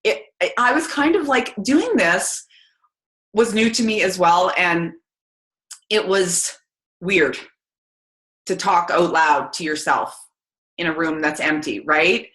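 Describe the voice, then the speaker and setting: A chatty, energetic woman, giving a casual motivational talk to her team. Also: on the low side, takes it slowly, long pauses. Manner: chatty and energetic, many fillers. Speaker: team call speaker. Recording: roomy echo.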